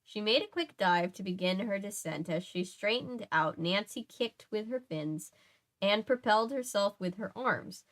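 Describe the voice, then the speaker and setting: On a casual stream, a young woman gives a read-aloud of a mystery novel, peppering it with chatty comments and self-corrections. She has a mid-range voice and reads in an animated way at a moderate pace.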